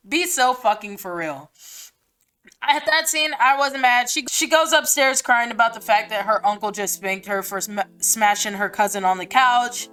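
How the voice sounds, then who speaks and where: A woman's voice: a little high, moderate pace, bright, forceful tone, clean tone. A woman hosting a podcast, giving a casual book reaction in a blunt, slangy, profane way with lots of "like" fillers. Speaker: podcast host.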